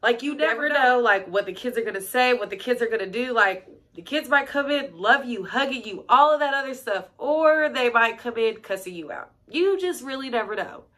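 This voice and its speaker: Expressive and a bit bright, her voice sits on the high side, moving at normal speed with hardly any pauses. She's a young vlogger and middle-school teacher telling casual stories, chatty and full of "like" and "um."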